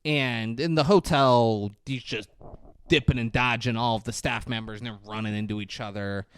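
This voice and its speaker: A man's voice: medium pitch, moderate pace, a little hiss or hum. Swearing man recapping a movie. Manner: animated storyteller, acts out quotes, swears freely. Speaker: podcast co-host. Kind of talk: casual movie recap chat.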